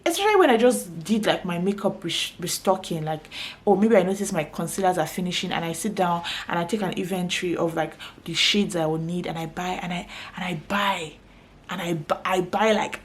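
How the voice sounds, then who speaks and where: Young Nigerian woman, makeup-artist vlogger, candid and expressive, slightly low voice. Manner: animated and frank, with expressive pitch jumps. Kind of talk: casual chat to camera.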